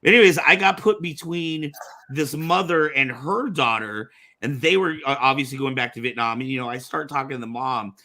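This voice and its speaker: Guy on a podcast, gravelly but bright, just chatting loose. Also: medium pitch, moderate pace. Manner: relaxed storytelling with fillers. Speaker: podcast co-host. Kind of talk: casual chat.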